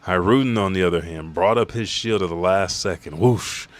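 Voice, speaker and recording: With a low, deep voice and a slightly fast pace, a YouTube manga recap host walks through a comic chapter panel by panel. He sounds like a relaxed fan-channel host, giving a loose, energetic play-by-play packed with swearing and sound effects.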